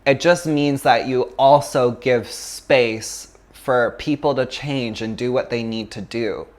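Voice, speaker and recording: A man's voice: medium pitch, takes it slowly. A man from Canada, a yoga teacher giving a chatty, casual philosophy talk, full of fillers and laughs.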